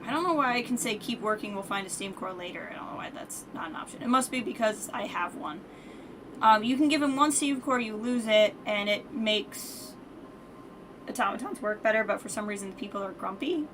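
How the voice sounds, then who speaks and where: In casual let's-play commentary, a woman chats through her game stream, thinking aloud and correcting herself as she goes. Her voice is a little high and fairly bright, her pace moderate, and the distant mic catches background noise too.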